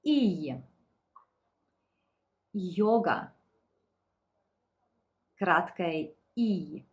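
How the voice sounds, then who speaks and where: A woman teaching a beginners' language lesson, reading each word and its translation slowly and repeating it. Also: fairly low pitch, animated. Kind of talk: slow, deliberate lesson reading words aloud.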